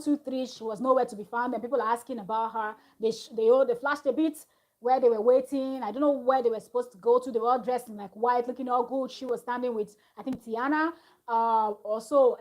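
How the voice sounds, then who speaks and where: Talking to camera from home with her small child nearby, a woman hosting a reality TV review show gives a loose, gossipy recap of an episode. Her voice is slightly high, and she retells the arguments with lots of animation, vlogger-style.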